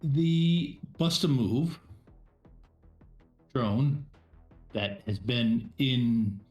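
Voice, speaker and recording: A man's voice: mid-range voice, expressive, a little mellow, echoey room, faint music behind. A man narrating a tabletop game as game master, hesitant and full of fillers and restarts. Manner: halting, many fillers and restarts.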